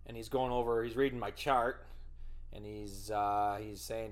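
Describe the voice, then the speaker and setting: A man's voice: lowish voice, a little slow. Profane rambling male podcast host. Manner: profane, rambling, fumbles for words; animated retelling with loud outbursts. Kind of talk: casual storytelling monologue.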